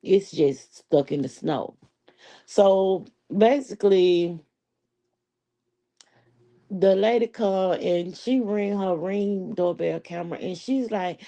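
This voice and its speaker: Woman live-stream host, sassy profane chat, unhurried with a mellow low-bright timbre. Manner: sassy, profane, laughing storytelling. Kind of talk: casual live-stream commentary.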